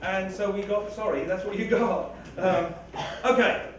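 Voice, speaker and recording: An Englishman chats loosely with an audience, rambling and poking fun at himself. His voice sits a little high. It is caught from far off in a very echoey hall with steady background noise. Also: unhurried. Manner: rambling, self-deprecating, chatty with frequent laughs. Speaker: writer or reader speaking to a live audience. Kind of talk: casual talk-back with an audience.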